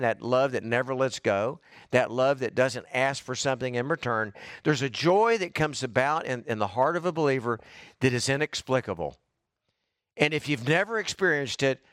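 A middle-aged man preaches a fervent sermon, breaking into exclamations of praise. His voice sits fairly high for a man, and the recording is dry and close, with little room sound. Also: fairly bright tone, no room sound. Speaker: pastor.

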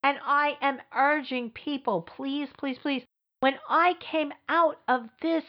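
A middle-aged woman hosting a podcast, telling her own story in a blunt, emphatic, sarcastic way. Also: high-pitched. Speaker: podcast host. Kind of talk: candid personal storytelling. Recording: dull lo-fi recording.

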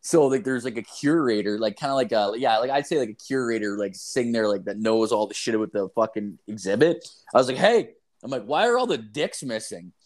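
A man's voice: lowish voice, brisk, hardly any pauses. A man telling a story in casual chat, rambling and profane, full of "like" and "dude", acting out the lines he quotes. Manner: animated, acts out quoted lines.

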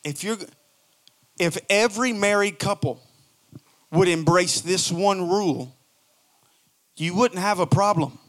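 A man preaching a sermon in a notably high voice. He climbs into loud, shouting emphasis and then drops to quiet, low asides. He acts out quoted lines in mocking little voices. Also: measured pace, long pauses. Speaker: pastor.

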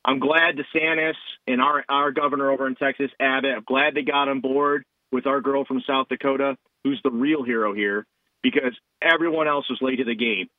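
A man's voice: medium pitch, steady tone, brisk, no echo. A male podcast co-host talking politics casually, emphatic and rambling, on tinny phone-like audio.

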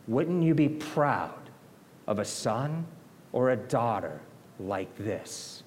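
A man's voice: fairly high pitch, lively intonation, slow. Earnest man preaching in a reverberant hall. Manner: earnest, emphatic, repeats phrases for weight. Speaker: pastor. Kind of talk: sermon. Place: church sanctuary.

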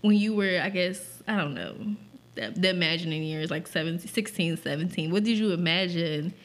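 A woman's voice: fairly low pitch, fairly quick. A young woman co-hosting a podcast in casual chat, blunt and teasing, often laughing. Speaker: podcast co-host.

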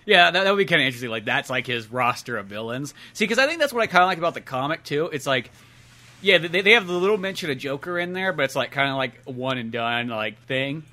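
Casting: a chatty male podcast co-host, rambling and full of fillers, very bright tone. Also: mid-range voice, expressive, fast talker. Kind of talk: casual chat.

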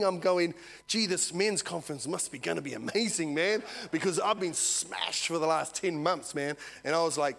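A New man in his forties preaching and telling his testimony, his voice sitting a little higher than most men's. He moves from soft, close words spoken to one person to loud, excited storytelling. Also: fairly quick, vocal fry. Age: 40s. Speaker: lay preacher. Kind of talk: prophetic ministry and testimony.

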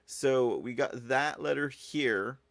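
Gravelly-voiced man hosting a live stream. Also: mid-range voice, slow pace, fairly bright tone, no room sound. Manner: rambling, casual, talks to viewers and thanks chat. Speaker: show host. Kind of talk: live-stream news commentary.

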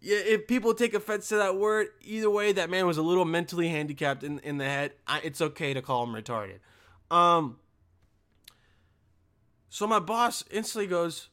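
A man's voice: fairly high pitch, expressive, moderate pace, sharp tone. A young man who works a motel front desk, telling a rambling, sarcastic work story full of swearing. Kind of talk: casual profane storytelling rant.

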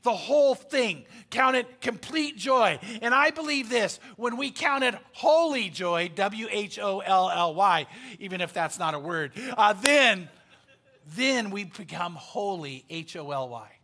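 A man's voice: sits high, lively intonation, measured pace, bright, forceful tone. A man preaching a sermon, telling a story in an emphatic, conversational way with frequent fillers. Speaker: pastor.

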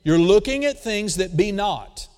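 A man preaching a sermon, swinging between loud dramatic emphasis and quiet asides, calling out for responses from the congregation. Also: sits high, lively intonation, a little slow, clear, resonant tone. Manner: calls for audience response. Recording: long reverb of a large hall.

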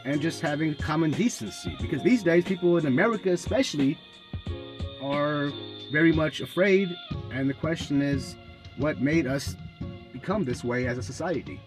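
A man's voice: a little high, normal speed. Guy cohost joking around, gets fed up and says stuff over and over, a little music behind. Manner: joking, exasperated, repeats himself. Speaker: podcast co-host. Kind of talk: casual chat.

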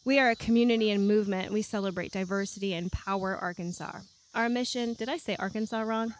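A woman's voice: medium pitch, steady tone, quick pace, a little hiss or hum. Bubbly woman podcast host outdoors. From New York. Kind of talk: casual chat. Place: outdoor back deck at night.

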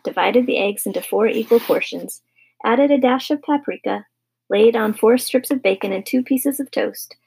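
Gravelly, husky woman reading a storybook. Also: medium pitch, a little mellow, rough recording. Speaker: narrator. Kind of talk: children's audiobook narration.

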